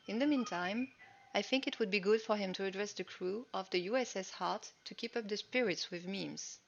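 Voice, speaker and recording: A woman voicing a calm, formal starship captain giving a measured log entry in a sci-fi parody. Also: medium pitch, creaky. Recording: dull lo-fi sound with faint noise.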